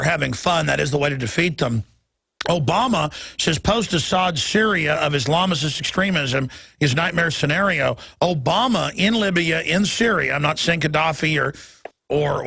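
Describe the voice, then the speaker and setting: A man hosting a talk radio show, talking urgently and quickly with stumbling restarts. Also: on the high side, creaky, bright, forceful tone, dry recording.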